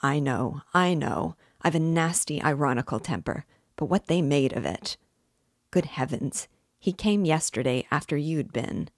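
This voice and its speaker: A woman's voice: deep voice, animated, unhurried, dry recording, studio quality, heavily acted. A woman reading an audiobook voices a chatty, ironical middle-aged male magistrate who fusses and needles. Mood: fussing. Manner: chatty, mock-solicitous, needling.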